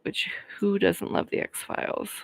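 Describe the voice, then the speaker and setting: A woman speaks in a whisper, with no room sound, as she hosts a livestream from Colorado. In her thirties, she casually chats and answers live comments, staying friendly, talkative, and quick to laugh.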